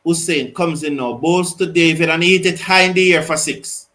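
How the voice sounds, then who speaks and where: Male host, high voice, excitable live cricket commentary and comment reading. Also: moderate pace, poor audio. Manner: excitable, reads viewer comments aloud. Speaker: host of a cricket watch-along.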